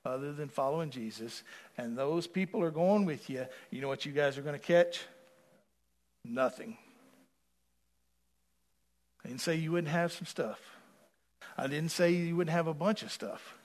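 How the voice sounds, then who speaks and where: A pastor preaching a sermon, swinging from quiet asides to loud rising appeals and calling for responses from the congregation. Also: male voice, medium pitch, moderate pace, long pauses.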